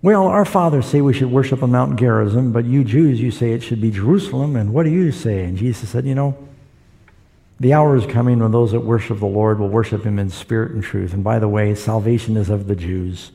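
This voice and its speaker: A man's voice: medium pitch, brisk, vocal fry, warm tone. A man preaching a sermon, retelling scripture stories and acting out the voices in them. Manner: storytelling, acts out quoted voices.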